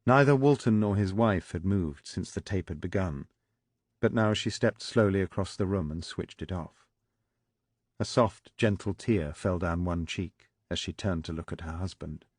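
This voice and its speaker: A man narrating a political thriller audiobook in a measured, even storytelling manner. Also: low-pitched, no room sound, studio quality. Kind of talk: scripted narration.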